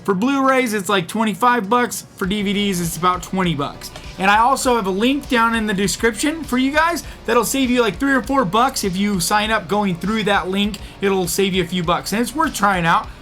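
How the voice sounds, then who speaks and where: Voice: mid-range voice, normal speed, few pauses, fairly bright tone, soft background music. Upbeat chatty vlog host. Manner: chatty and upbeat, laughs at own jokes. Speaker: host of an unboxing video channel. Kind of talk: casual vlog chat.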